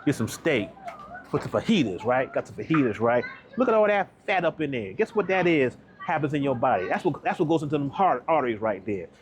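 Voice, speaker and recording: A man, a health coach giving a lively, preachy walk-through vlog in a grocery store, talking straight to his viewers. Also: medium pitch, a little fast, a little hiss or hum.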